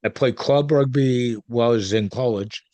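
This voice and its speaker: A man's voice: mid-range voice, moderate pace, mellow, dry recording. Chatty man hosting a podcast. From Canada. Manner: chatty, goes off on tangents. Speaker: podcast host. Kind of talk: casual interview chat.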